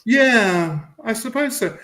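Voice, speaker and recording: A man's voice: high-pitched, lively intonation, takes it slowly, fairly bright tone, rough recording. A man chatting on a video call, telling stories about himself and laughing as he goes. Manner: storytelling, self-mocking, laughing. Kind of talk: casual chat on a video call.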